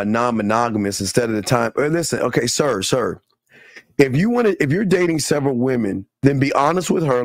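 A man hosting a casual talk show, animated and preachy, often repeating himself. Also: medium pitch, no room sound, studio quality. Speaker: podcast host.

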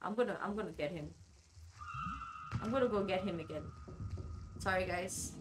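A woman giving chatty, excitable let's-play commentary, swearing now and then and talking to the characters on screen. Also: medium pitch, brisk, distant mic, background noise. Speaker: gaming video creator.

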